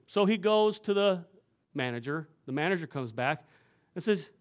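Speaking at a moderate pace, a man with a fairly high, animated voice preaches to his church congregation. He recounts a personal story in a conversational style, often checking in with listeners.

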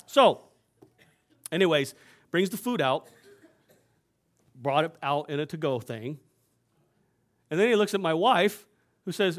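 A man's voice: sits high, animated, takes it slowly, long pauses. A male pastor preaching to his congregation in a church, telling a personal story in a conversational way and often checking in with his listeners.

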